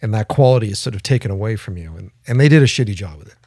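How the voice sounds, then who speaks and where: A man co-hosting a podcast talks very fast in a fairly low, warm, expressive voice, telling rambling stories and swearing occasionally in casual chat. The sound is studio quality with no echo.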